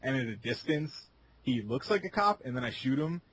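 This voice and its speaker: A man with an ordinary mid-range voice co-hosts a casual gaming podcast. He talks in a relaxed, rambling way and swears casually. A faint noise sits under the recording. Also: medium pitch, normal speed. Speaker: podcast co-host.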